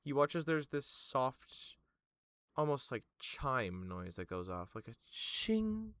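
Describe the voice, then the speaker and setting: A man narrating a tabletop game as game master, halting and full of fillers. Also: mid-range voice, lively intonation, a bit bright, clean tone, no echo, studio quality.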